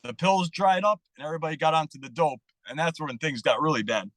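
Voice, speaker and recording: Man, podcast guest, candid storytelling, profane, fairly high pitch, dry sound. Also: quick pace, no echo, rough recording. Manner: candid, profane and animated, acting out dialogue. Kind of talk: casual storytelling interview.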